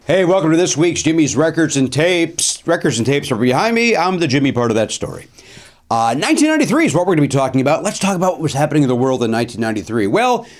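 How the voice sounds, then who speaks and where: A middle-aged man hosting a comedic solo podcast from a studio, talking in a wry, self-deprecating way with rambling asides. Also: fairly high pitch. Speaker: podcast host.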